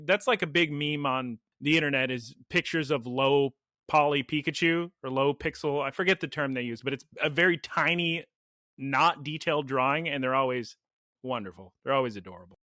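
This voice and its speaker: Excitable podcast guy rambling about an episode, bright tense voice, dry close sound. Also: fairly high pitch, no echo. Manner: animated, rambling, laughs often. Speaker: podcast co-host. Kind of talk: casual episode recap chat.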